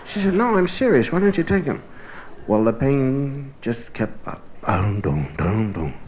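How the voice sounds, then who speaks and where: A man's voice: medium pitch, moderate pace. A man telling a long comic story on stage, acting out the other voices in the tale. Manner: animated storyteller, acting out both sides of dialogue. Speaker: stand-up comedian. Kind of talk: stand-up storytelling to a live audience. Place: live stage with audience laughter. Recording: vintage vinyl live recording with faint hiss.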